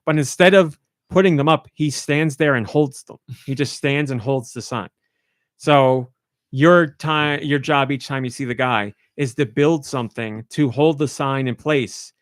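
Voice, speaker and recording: Male podcast host, casual storyteller, lively voice-acting of quotes, dry studio sound. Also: measured pace, dry recording. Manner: animated storytelling, voices quoted lines in a high excited pitch. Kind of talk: casual chat.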